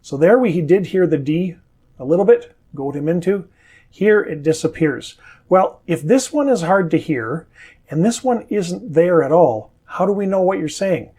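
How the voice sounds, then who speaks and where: A man with a standard North American accent gives an English pronunciation lesson. He says each model word slowly and carefully, then explains it. His voice is a touch husky and sits a little high for a man. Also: animated, warm tone. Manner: slow, carefully enunciated model words.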